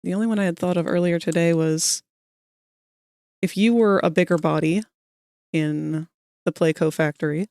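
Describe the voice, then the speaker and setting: A streamer chatting casually and quietly while working on a 3D model, musing aloud in a low-key way. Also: a little slow, no echo, studio quality.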